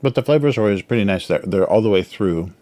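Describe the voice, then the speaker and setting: A cartoonist hosts a casual drawing livestream in a low-leaning, animated voice that is fast and darkish in tone, recorded dry. He rambles with plenty of fillers, chuckles often, and talks with his mouth full while snacking.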